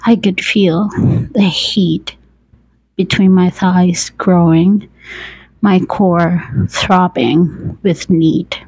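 A woman narrating a first-person erotic story in a hushed, intimate way that often slips into whispers. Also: lowish voice, steady tone, very slow, slightly rough, no room sound, poor audio.

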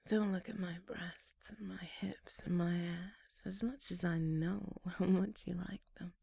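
With a fairly low whisper, a young woman plays out an ASMR role-play, gently coaxing and teasing with soft laughs along the way. The whisper is very airy and mellow, faintly gravelly, with fairly even intonation and a measured pace that lingers on each word. It's studio-quality audio with no room sound.

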